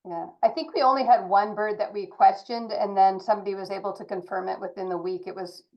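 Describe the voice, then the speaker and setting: A woman's voice: medium pitch, fairly even intonation, fast. A woman hosting a Q&A, reading audience questions aloud in a friendly way. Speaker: host and moderator. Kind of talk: moderating a Q&A. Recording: slightly muffled online audio.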